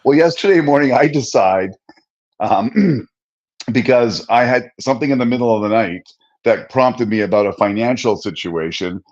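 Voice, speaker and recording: A man co-hosting a podcast, telling a story about himself in a lively, self-mocking way. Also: lowish voice, muffled recording. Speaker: podcast co-host. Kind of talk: casual podcast conversation.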